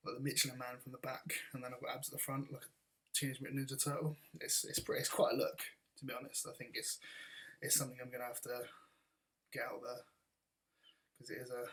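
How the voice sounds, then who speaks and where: A man chats through viewer questions in a vlog with a casual, blunt, meandering delivery. He is a bodybuilder and coach, and his voice sits at a middle pitch. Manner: casual, chatty, blunt, rambling.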